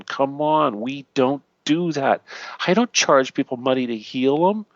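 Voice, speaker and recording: A man's voice: mid-range voice, a little slow, fairly bright tone, no room sound, highs cut off. A man hosting an internet radio talk show, teaching in a preachy way, often checking in with "okay" and "all right" and adding jokey asides.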